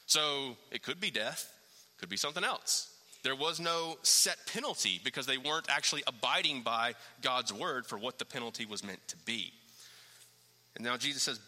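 A man preaching an expository sermon, animated and swinging from low, quiet stretches to loud, high-pitched emphasis, with rhetorical questions. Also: moderate pace, long reverb tail.

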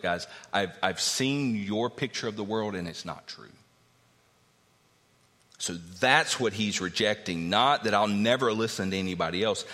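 A man preaching a sermon in a conversational, animated way, acting out quoted voices as he teaches. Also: on the low side. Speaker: pastor. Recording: long hall reverb.

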